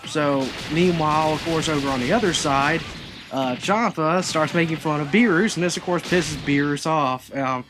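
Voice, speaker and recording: A man's voice: a little high, moderate pace, music in the background. A man casually reviewing an anime episode, chatty and rambling, full of asides as he recaps.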